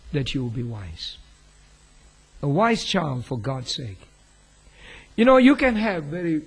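A pastor with a somewhat high, slightly rough voice preaches a sermon, telling a story earnestly. His pitch rises sharply and suddenly on key words for emphasis.

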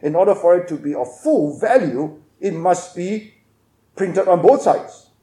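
A man delivers an expository sermon in a high, mellow voice. He is emphatic, swinging from loud stresses to hushed asides. The room adds a noticeable echo. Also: animated, a little slow. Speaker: preacher.

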